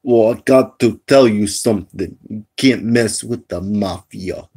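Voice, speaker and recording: A man's voice: lowish voice, a little slow, warm tone, husky. A man voicing a threatening male mafia gangster in a homemade voice video. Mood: menacing. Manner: threatening, boastful.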